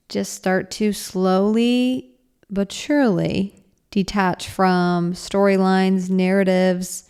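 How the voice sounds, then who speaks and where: A woman's voice: mid-range voice, steady tone, slow, darkish tone, clean tone. A young woman hosting a solo podcast, talking in a rambling, earnest way with lots of fillers. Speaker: podcast host. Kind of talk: casual reflective solo podcast.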